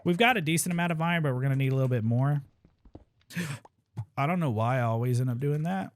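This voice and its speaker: A man's voice: mid-range voice, quick pace. A young man casually talking through his own game speedrun, thinking aloud as he plays and tossing in wry asides about his mistakes. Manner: casual, thinks aloud while playing, self-deprecating asides. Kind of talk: live gameplay commentary.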